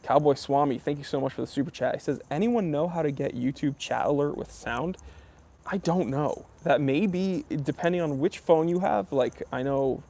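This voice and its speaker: A man hosting a relaxed live stream for his watch channel reads viewers' chat comments aloud and answers them in a rambling, easygoing way full of ums and uhs. His voice is a little high, creaky, and warm, at a moderate pace.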